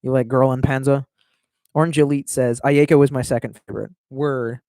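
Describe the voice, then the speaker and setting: A man's voice: mid-range voice, fairly even intonation, fairly quick, mellow, no room sound. Profane rambling man, very dry sound. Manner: profane, rambling, self-mocking. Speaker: streamer. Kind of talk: casual live-stream chat reading viewer comments.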